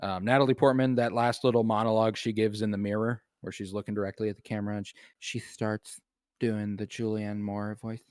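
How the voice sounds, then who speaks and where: A man's voice: fairly low pitch, flat delivery, fairly quick, a little mellow, clean tone, dry recording, clean studio sound. A man co-hosting a podcast, talking casually about films, loose and profane with lots of fillers. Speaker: podcast co-host. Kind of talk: casual film chat.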